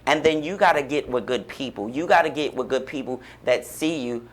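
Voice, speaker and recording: Man, radio guest, fervent, preacherly, encouraging, mid-pitched voice. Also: fairly quick. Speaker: guest, author and pastor-like speaker. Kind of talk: radio interview, inspirational talk. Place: radio studio.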